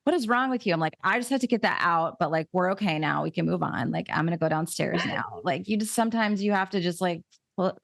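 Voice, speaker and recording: A woman's voice: fairly low pitch, fairly quick, creaky, no echo, clean studio sound. A woman hosting a podcast in casual chat, chatty and laughing easily. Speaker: podcast host.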